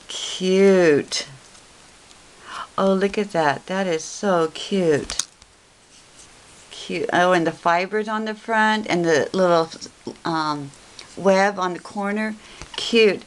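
Craft vlogger, woman, slow and low, gushing unboxing chat. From Texas. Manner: gushing, repeats "cute" often. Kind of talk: casual unboxing show-and-tell.

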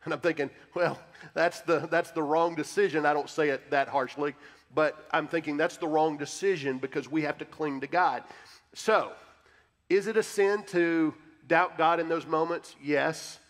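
A man's voice: fairly high pitch, moderate pace. Earnest male pastor, echoing hall. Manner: earnest, emphatic preaching, speaks straight to the congregation. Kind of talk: sermon-style Q&A answer. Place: church sanctuary. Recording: long church-hall reverb.

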